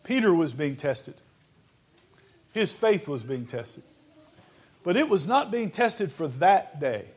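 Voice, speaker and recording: A man's voice: fairly high pitch, big pitch swings, slow pace, long pauses, darkish tone, husky. A man preaching a sermon in an earnest, conversational way, often restarting his sentences.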